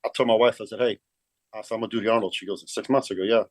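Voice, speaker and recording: Fast-talking man, profane storyteller. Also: fairly low pitch, steady tone, no echo. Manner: profane, keeps saying man. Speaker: guest, pro bodybuilder. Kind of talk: casual storytelling.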